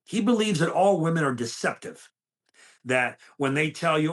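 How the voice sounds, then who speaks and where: A man's voice: fairly high pitch, lively intonation, normal speed, a bit bright. An older man, a guest in an interview, telling intense stories from his past and acting out the voices of the people in them. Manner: intense, dramatic storyteller who acts out other voices. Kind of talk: storytelling in a conversational interview.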